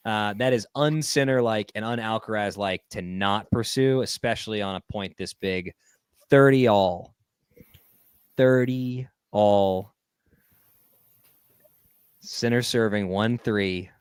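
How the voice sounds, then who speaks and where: A man co-hosting a live tennis watchalong from home, reacting with jokes and emphatic, drawn-out remarks. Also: on the low side, clean tone, no room sound. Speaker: co-host. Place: home streaming setup.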